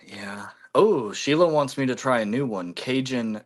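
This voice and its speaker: A man's voice: medium pitch, expressive, measured pace. A man hosting a casual livestream, rambling with many fillers and eating while he talks. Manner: chewing food while talking. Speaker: livestream host.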